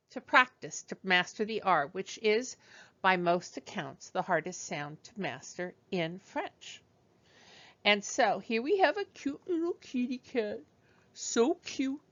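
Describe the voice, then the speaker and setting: A woman teaching a beginner French lesson, slowly drilling pronunciation with patient, demonstrative repetition. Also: medium pitch, pushed and bright, lo-fi sound.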